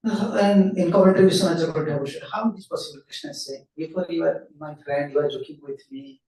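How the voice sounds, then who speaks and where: A man's voice: fairly high pitch, fast talker, a little mellow. A man giving an earnest devotional lecture, who repeats key phrases and asks and answers his own questions. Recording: roomy hall sound from a distant mic.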